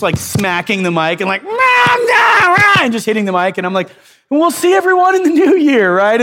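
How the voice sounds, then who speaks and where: A man's voice: high-pitched, fairly bright tone. A man in his thirties, a pastor telling stories in a casual, self-deprecating sermon with many restarts.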